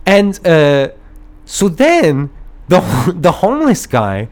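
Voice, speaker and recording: Male podcast host, casual rambling storyteller, slightly high voice with very lively pitch, mimics others. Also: takes it slowly. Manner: animated, rambling storyteller who acts out voices and laughs often.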